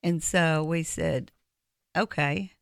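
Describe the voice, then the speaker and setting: A woman's voice: sits low, takes it slowly, clean tone, dry recording. A woman co-hosting a radio talk show, agreeable and chatty.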